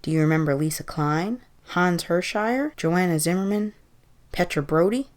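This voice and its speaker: A woman voicing a chorus of vengeful spirits who accuse slowly in a booming voice. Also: lightly acted. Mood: accusing, booming.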